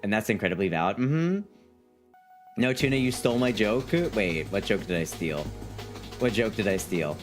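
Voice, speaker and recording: Lively rambling man streaming casually. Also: on the low side, moderate pace, music in the background. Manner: rambling and playful, repeats phrases, reads chat aloud. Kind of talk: casual live-stream chat.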